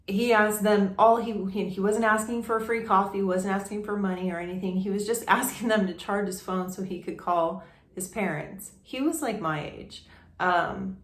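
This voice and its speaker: A woman's voice: medium pitch, a little slow. A young adult woman vlogger telling a personal story in a casual, rambling way, with many restarts and fillers. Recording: echoey room.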